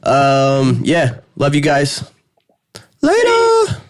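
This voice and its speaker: A man's voice: fairly high pitch, fairly quick. A man hosting a casual comedy podcast, swearing freely and laughing often. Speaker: podcast host.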